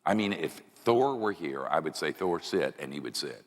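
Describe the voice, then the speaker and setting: Male preacher, deep voice, very lively pitch, jokey storytelling sermon, big church with long reverb. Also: moderate pace. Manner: animated, jokey, breaks into high yells in stories. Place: large church.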